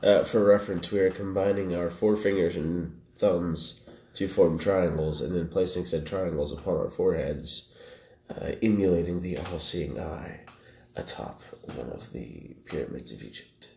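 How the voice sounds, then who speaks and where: A man co-hosting a podcast in casual banter, joking and deadpan, swearing freely. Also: deep voice, normal speed, vocal fry. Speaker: podcast co-host. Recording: echoey room with faint noise.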